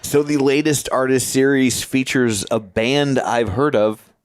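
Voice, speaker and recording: A man's voice: mid-range voice, dry recording. A man in his fifties co-hosting a podcast in casual chat, tossing in wisecracks and jokes. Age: 50s. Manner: joking, quick with wisecracks. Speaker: podcast co-host.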